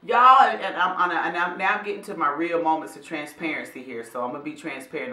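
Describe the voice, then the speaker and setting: A woman vlog host who speaks professionally, giving a motivational talk to camera in a preachy, animated way. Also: deep voice, fairly quick, hardly any pauses, echoey room. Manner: animated, preachy, addresses viewers as y'all and honey.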